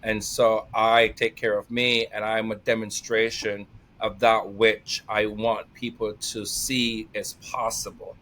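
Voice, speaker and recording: A middle-aged man talking casually as a podcast guest, energetic and emotional, laughing often and near tears. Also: on the low side, slow. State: tearful. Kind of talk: casual conversation.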